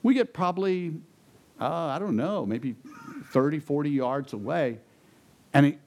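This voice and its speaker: A man's voice: a little high, measured pace, long pauses. A man preaching to a congregation, telling a personal story and then building to emphatic questions. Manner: animated, rising to emphatic peaks. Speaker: pastor. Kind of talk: sermon storytelling.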